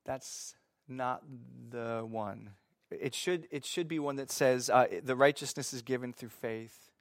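A man's voice: medium pitch, dry recording. Dry-sounding man preaching a sermon. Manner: asks the listeners questions and answers them himself; reads scripture slowly and deliberately. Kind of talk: Bible teaching sermon.

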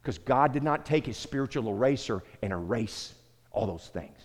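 A man's voice: mid-range voice, animated, normal speed. A middle-aged man from the American South giving a conversational sermon to a small group, repeating words and calling on listeners by name. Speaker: pastor. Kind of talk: sermon-style teaching. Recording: long hall reverb.

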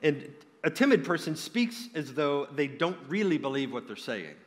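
A man gives an earnest, direct sermon, often stumbling and restarting mid-phrase. His voice sits a little high for a man. The sound trails off into a long reverb, as in a big hall. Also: very animated, normal speed. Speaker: preacher.

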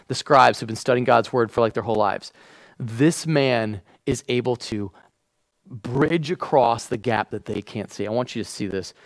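A man preaching a sermon as a pastor. He acts out the quotes and drops to a hush when he wants a point to land. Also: medium pitch, dry recording, poor audio.

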